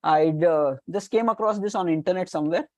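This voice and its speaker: A woman's voice: fairly low pitch, fairly quick, dark tone, no echo. A woman with an Indian accent teaching an online class on communication skills, coaching her students, repeating key points and mixing Hindi phrases into her English.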